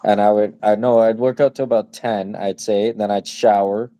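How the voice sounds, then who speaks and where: A man's voice: fairly low pitch, steady tone, normal speed, mellow, no room sound. A man in his twenties co-hosting a podcast, telling stories in casual slangy chat and laughing often. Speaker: podcast co-host.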